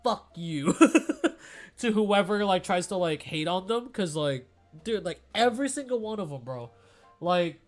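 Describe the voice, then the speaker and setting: A man's voice: sits high, lively intonation, normal speed, faint music behind. A young man streamer in a tearful, rambling casual chat, full of fillers and emotion.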